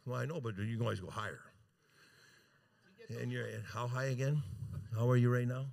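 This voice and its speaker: A man's voice: medium pitch, steady tone, a little fast, creaky, a little mellow. A man working as a charity auctioneer at a gala, calling bids live into a handheld mic and coaxing bidders with joking banter. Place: large gala event room.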